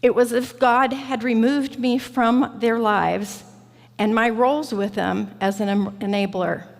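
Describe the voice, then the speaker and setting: A woman preaching a reflective, personal sermon in a church sanctuary, slow and deliberate. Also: fairly high pitch, steady tone, creaky. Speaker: guest preacher. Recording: church hall reverb.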